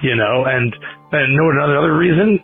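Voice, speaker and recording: A man, hoarse from the flu, leaving a teasing voicemail and lecturing the host with some stumbles. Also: fairly high pitch, a little fast, faint music behind. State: hoarse from getting over the flu. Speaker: caller. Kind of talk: phone voicemail. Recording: tinny phone line.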